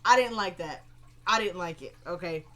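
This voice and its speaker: A young woman casually recapping a TV episode in a chatty, opinionated way, often tagging her points with quick questions to her viewers. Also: fairly low pitch, fairly bright tone.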